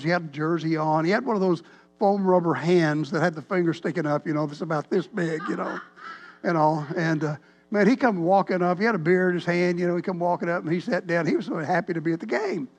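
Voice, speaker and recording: A man, a pastor telling a rambling, animated story in a sermon. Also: fairly high pitch, brisk. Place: church sanctuary.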